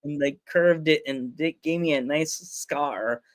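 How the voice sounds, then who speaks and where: A man's voice: fairly high pitch, unhurried, a loud crowd. An American man hosting a casual podcast over a remote call, chatty and rambling, laughing often. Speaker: podcast host. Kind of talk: casual chat. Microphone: remote call mic.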